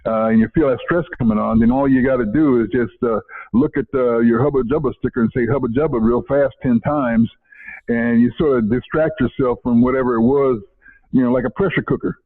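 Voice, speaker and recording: A man's voice: medium pitch, fairly even intonation, a little fast. An older man, a retired educator telling stories in an interview, repeating himself and chuckling. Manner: rambling, repeats words, chuckles often. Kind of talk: casual interview storytelling. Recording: phone-like narrow audio.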